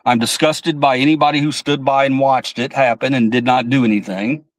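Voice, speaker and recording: A man hosts a political livestream and rants with heat and plenty of cursing, stopping now and then to read out chat comments. His voice sits at a middle pitch and sounds dry and close, with almost no room echo. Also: steady tone, a little fast. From United States. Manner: heated, profane, reads chat comments aloud. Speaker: livestream host. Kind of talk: angry political livestream rant.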